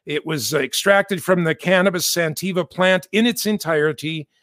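A man's voice: fairly high pitch, moderate pace, fairly bright tone, no echo, studio quality. A man from the United States giving chatty, self-correcting commentary with jokey asides. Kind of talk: casual spoken commentary.

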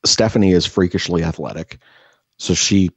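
A man's voice: sits low, normal speed, breathy edge, dry recording, muffled recording. A man co-hosting a podcast, telling crude stories in casual chat and cursing freely. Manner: crude, joking storyteller who curses freely. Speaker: podcast co-host.

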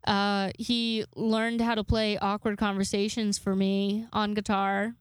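A woman's voice: medium pitch, level tone, measured pace, smooth, no room sound. A young woman hosting her own podcast alone, rambling casually with lots of swearing and self-deprecating asides. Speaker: podcast host. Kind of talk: casual solo podcast chat.

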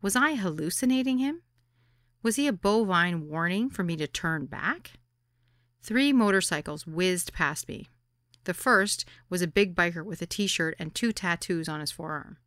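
A woman narrating her own memoir as an audiobook, wry and deadpan. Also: on the low side, moderate pace, no echo, clean studio sound.

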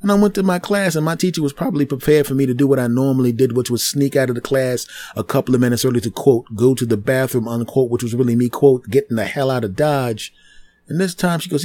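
A podcast host telling a funny story from his school days in an animated way, acting out the other people's lines and making sound effects with his mouth. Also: mid-range voice, fairly quick. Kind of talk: comic storytelling monologue.

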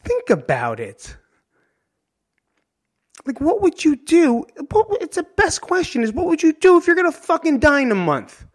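A man's voice: extremely high pitch, wildly swooping pitch, moderate pace. A man from New Jersey hosting a podcast in a solo monologue, candid and emotional, swearing freely and ending his points with "right?". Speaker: podcast host.

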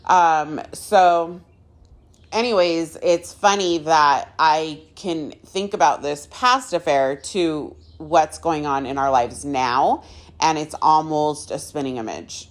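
A woman in her thirties hosting a podcast, candidly telling a personal story in a halting way, with frequent ums and restarts. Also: low-pitched. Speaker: podcast host.

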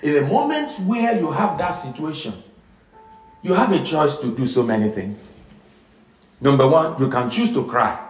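A middle-aged man, preaching an emotional sermon with dramatic swings from loud emphasis to hushed, quiet lines. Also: a little high, lively intonation, normal speed, long pauses, distant mic. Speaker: pastor. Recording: echoey room with music behind.

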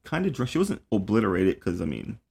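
A man's voice: fairly low pitch, wildly swooping pitch, fairly quick, gravelly, a little mellow, husky. A young man hosting a casual podcast chat, telling rambling stories full of swearing and fillers. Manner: profane, rambling storyteller with lots of fillers. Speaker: podcast host.

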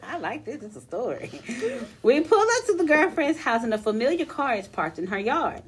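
A young woman co-hosting a casual podcast reads a listener's long story aloud in a fairly high voice at a moderate pace. Her delivery is animated and she laughs often, with slight background noise in the recording.

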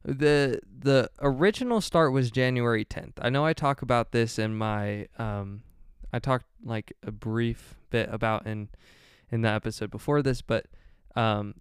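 A man's voice: mid-range voice, clear, resonant tone, dry recording, clean studio sound. A young man hosting a solo podcast, rambling along with many fillers and frequent self-corrections. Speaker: podcast host.

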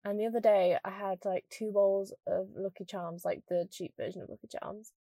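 Podcast host: young northern English woman, mild accent, quick rambling chat, very dry close sound. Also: mid-range voice, fairly even intonation, warm tone, no echo. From northern England. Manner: fast rambling, lots of "like". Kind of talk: casual chatty monologue.

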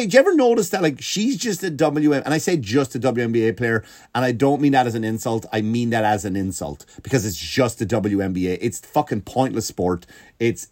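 A man doing a profane comedic rant, jumping up and down in pitch. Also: dry recording, clean studio sound. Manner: profane, animated, swinging pitch.

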